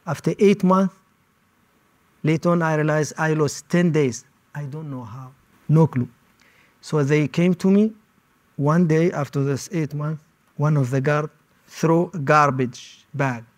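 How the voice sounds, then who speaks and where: Male interviewee with a raised pitch, recounting his past in short, halting phrases. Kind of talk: personal testimony.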